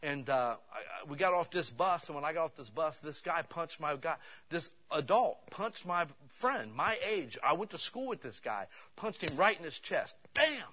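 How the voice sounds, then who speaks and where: A man preaching a sermon, telling personal stories in an animated way that swings between loud bursts and hushed asides. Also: a little high, normal speed, few pauses.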